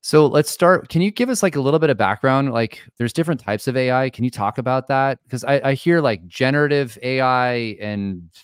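A man's voice: medium pitch, fairly quick, hardly any pauses, clean tone, dry recording, clean studio sound. A man co-hosting a podcast, easygoing, steering the talk into questions for his guest. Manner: easygoing, frequent "yeah" backchannels, leads into questions. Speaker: podcast co-host. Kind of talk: casual podcast interviewing.

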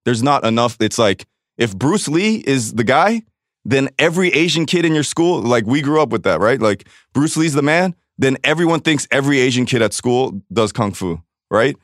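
Profane male storyteller from LA, middle pitch, dry studio mic. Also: expressive, moderate pace, dry recording. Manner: blunt, profane storyteller who acts out quotes. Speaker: podcast guest. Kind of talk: casual podcast chat.

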